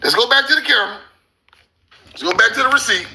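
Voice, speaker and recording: A man hosting a casual commentary over maps, loud and incredulous, laughing and swearing, stretching out words slowly for emphasis. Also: extremely high pitch. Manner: slow, drawn-out emphasis on names. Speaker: host.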